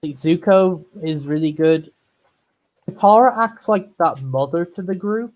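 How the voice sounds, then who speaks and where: A man co-hosting a podcast, chatting casually in a relaxed, agreeable way, often filling pauses with "like". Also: fairly high pitch. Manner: relaxed, agreeable, lots of fillers like "like". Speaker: podcast co-host. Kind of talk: casual chat.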